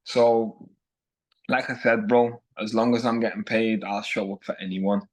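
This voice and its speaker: Man, Scouse accent, MMA fighter, podcast guest, brash and blunt, lowish pitch. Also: steady tone, measured pace. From Liverpool, England. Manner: brash, blunt, says "lad" constantly. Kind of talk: casual podcast chat.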